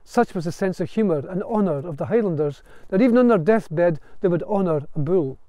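A man's voice: high-pitched, expressive, fairly quick, mellow, no room sound. Earnest man telling history. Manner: earnest, storytelling cadence, some restarts. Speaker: bard and storyteller. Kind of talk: spoken lecture on Gaelic song and history.

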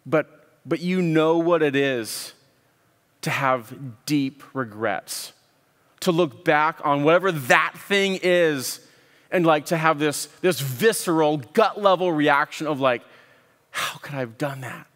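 A man's voice: a little high, a bit bright. Earnest man preaching in a reverberant hall. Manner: earnest, with frequent word repeats and pauses. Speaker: pastor. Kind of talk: sermon.

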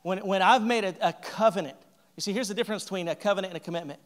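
Man, fairly high voice, pastor, conversational sermon, jokey, plays out quoted lines. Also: racing. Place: church sanctuary.

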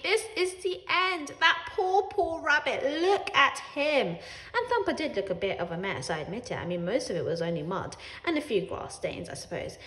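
A woman reading a children's book aloud as a sardonic, wry cat narrator, expressive and laughing along. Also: on the low side. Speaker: storyteller. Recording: roomy echo.

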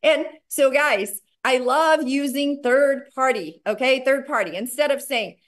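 A woman giving a chatty sales training talk on a video call, acting out conversations in brighter voices. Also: sits high, unhurried. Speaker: network marketing trainer.

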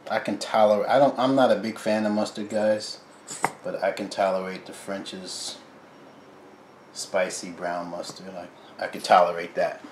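Low-voiced man hosting a cooking vlog. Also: little pitch movement, moderate pace, a little hiss or hum. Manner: chatty, talks straight to viewers as "guys"; quiet and mumbled while cooking, louder when addressing viewers. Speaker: cooking video host. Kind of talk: casual cooking vlog chat.

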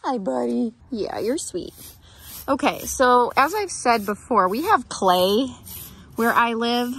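A woman's voice: fairly high pitch, expressive, slow pace, fairly bright tone, slight background noise. A woman talking casually while grooming her horse, chatting to the camera and cooing to the horse between tips. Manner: chatty, talks baby talk to her horse. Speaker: horse riding vlogger. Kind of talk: casual vlog narration. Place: outdoors at a horse barn.

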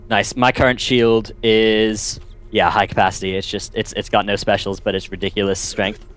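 A man casually commentating a co-op video game with a friend, full of quick excited exclamations. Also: fairly low pitch. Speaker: gameplay commentator.

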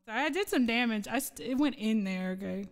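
A woman's voice: a little high, lively intonation, a little fast, in a large hall. A woman streamer chatting casually with viewers between song requests, rambling and laughing often. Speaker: streamer and singer.

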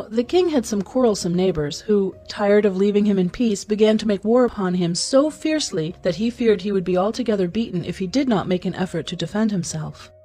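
Mellow, breathy woman storyteller. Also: medium pitch. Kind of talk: scripted narration.

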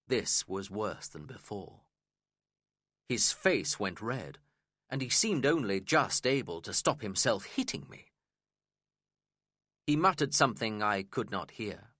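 Slow, clear male storyteller. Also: on the low side, lively intonation, a bit bright, no room sound, clean studio sound. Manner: slow and clear for language learners. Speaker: narrator. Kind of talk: scripted narration of a graded reader story.

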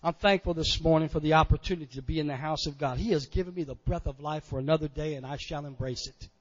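A man preaching a sermon as pastor, folksy and repeating amen, swelling louder on key phrases. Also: on the high side, steady tone, fast talker. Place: church sanctuary. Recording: dull church recording with long reverb.

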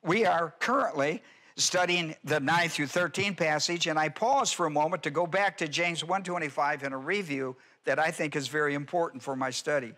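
Male pastor, bright and forceful tone, emphatic teaching sermon heavy on grammar explanations. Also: a little high, moderate pace. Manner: emphatic, rhetorical questions, explains Greek grammar. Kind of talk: expository Bible teaching sermon.

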